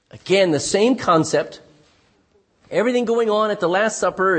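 A man's voice: a little high, breathy edge. A middle-aged male pastor preaching a sermon, telling stories and calling out "Amen?" to his congregation. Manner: calls out "Amen?" to the congregation, lively storytelling with restarts.

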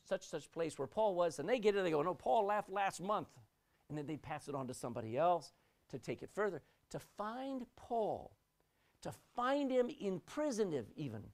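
A woman preaching a sermon, swinging her voice up and down for emphasis and often repeating words as she restarts. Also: medium pitch. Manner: expressive, rising and dropping sharply for emphasis.

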